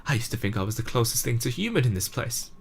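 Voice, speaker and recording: A man's voice: medium pitch, sing-song, quick pace, creaky, a little hiss or hum. A man voicing a proud, remorseful teenage girl club president, emotional and tearful, in a fan reading of a game. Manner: emotional, breaking into tears.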